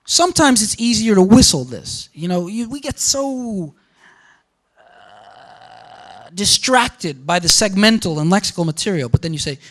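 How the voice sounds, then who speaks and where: Male linguistics lecturer, higher-pitched voice, energetic, emphatic classroom delivery. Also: unhurried, a little hiss or hum. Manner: animated, repeats words for emphasis, asks "okay?" and "yeah?" to the room. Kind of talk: university lecture.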